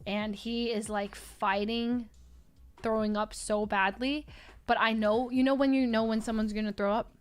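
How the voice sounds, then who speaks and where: Young woman with a high voice telling a story on a podcast, lively and laughing. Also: normal speed, clear, resonant tone. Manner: animated, laughs often, acts out quotes. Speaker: podcast co-host. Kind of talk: casual chat, storytelling.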